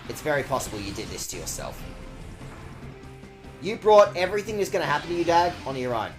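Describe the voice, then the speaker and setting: A man talks his way through a video game in a loose, joking ramble, cursing now and then. His pitch sits a bit high and swings a lot. Quiet game music plays underneath. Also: big pitch swings, quick pace. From Australia. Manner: playful, rambling, swears freely. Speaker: streamer. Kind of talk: casual game-stream commentary.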